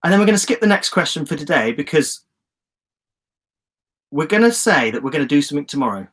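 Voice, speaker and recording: Hosting a live online journaling session over a phone or webcam stream, an English man talks fast in a fairly high, upbeat voice. He's chatty and encouraging, coaching viewers warmly and reading out their comments with lively enthusiasm.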